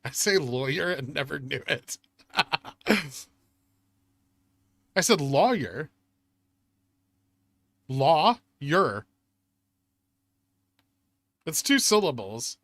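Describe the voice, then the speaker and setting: A man's voice: on the high side, very animated, slow, gravelly, pauses often, a bit bright, no echo. A man streaming live, reading chat aloud and bantering in a sardonic way, swearing often and laughing at himself.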